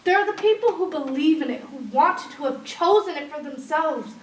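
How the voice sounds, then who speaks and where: A woman's voice: expressive, moderate pace, a little hiss or hum. Young woman doing a distraught despairing woman, far from the mic in a roomy space. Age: young adult. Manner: pleading, then low and resigned. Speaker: actor. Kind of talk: stage drama scene. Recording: echoey room, distant mic.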